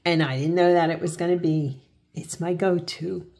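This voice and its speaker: A woman's voice: lowish voice, fairly even intonation, moderate pace, dark tone. A woman vlogging about crafts and faith in a casual, earnest way, often restarting and correcting herself as she talks. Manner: heartfelt and earnest when speaking about faith. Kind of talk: casual crafting tutorial chat.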